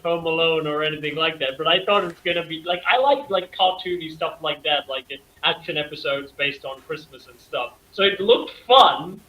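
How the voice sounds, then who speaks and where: A man's voice: a little high, muffled recording. A man on a live geek panel, chatting casually, joking and swearing. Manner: laughs a lot, swears casually. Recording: echoey room.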